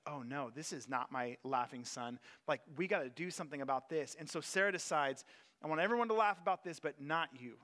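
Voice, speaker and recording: Young male preacher, conversational and bright, reads scripture then talks it through casually. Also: sits high. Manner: conversational, retells scripture in everyday paraphrase. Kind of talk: casual sermon with scripture reading.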